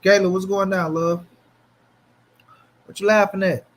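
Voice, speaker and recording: A man hosting a casual boxing livestream, speaking in an animated, slangy way as he answers his chat. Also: high voice, measured pace. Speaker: boxing commentary channel host.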